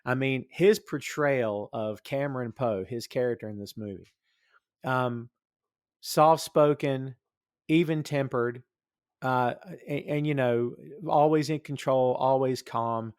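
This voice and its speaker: A man's voice: mid-range voice, takes it slowly, a little mellow, smooth, no room sound, studio quality. Chatty Southern man hosting a podcast. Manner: chatty, laughs often, many fillers and restarts. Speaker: podcast host. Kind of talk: casual podcast chat.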